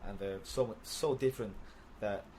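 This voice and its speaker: A man's voice: lowish voice, moderate pace, mellow, a little hiss or hum. A man with a British accent talking casually as a guest, often repeating words and laughing as he goes. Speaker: podcast guest. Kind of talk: casual conversation.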